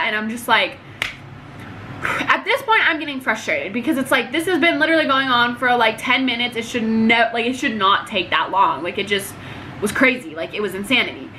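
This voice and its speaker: A woman's voice: fairly high pitch, lively intonation, fairly quick, pushed and bright, a little hiss or hum. A young woman telling a story about her job to camera in a casual, chatty way, with lots of "like" and acted-out quotes. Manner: chatty, peppered with "like", acts out quotes. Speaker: vlogger telling work stories.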